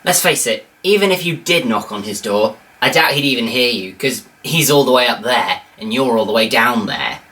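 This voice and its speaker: Woman reviewer cracking sarcastic jokes, deep voice, really animated. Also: normal speed, hardly any pauses. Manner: sarcastic, incredulous asides. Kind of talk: comedic commentary.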